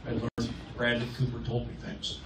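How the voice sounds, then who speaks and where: A man doing a live stand-up set, riffing with the crowd and swinging between loud and soft. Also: medium pitch, monotone, moderate pace. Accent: Californian. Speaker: stand-up comedian. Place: comedy club stage. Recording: roomy, distant live club recording. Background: loud crowd laughter and noise.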